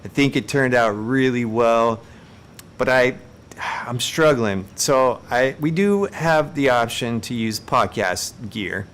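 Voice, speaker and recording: A man hosting a live stream, telling everyday stories in a casual, animated, self-mocking way and laughing between lines. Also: mid-range voice, takes it slowly, clear, resonant tone.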